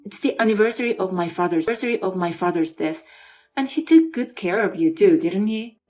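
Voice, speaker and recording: A woman's voice: medium pitch, a little fast, warm tone, natural voice. A woman reading as a bossy selfish husband. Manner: demanding, dismissive. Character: selfish young husband, mama's boy. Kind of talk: scripted dramatized story reading.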